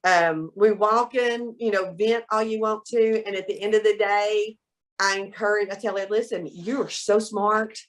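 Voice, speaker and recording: A middle-aged woman, chatting as an interview guest and telling lively stories. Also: medium pitch, normal speed. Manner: animated storyteller, quotes people in voices. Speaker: guest, soap maker. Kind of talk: casual interview chat.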